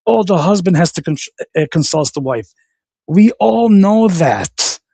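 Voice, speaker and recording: A man's voice: fairly high pitch, darkish tone, no room sound. A man hosting a livestream, ranting in a combative, repetitive way and swearing often. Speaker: livestream host. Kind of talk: solo livestream rant.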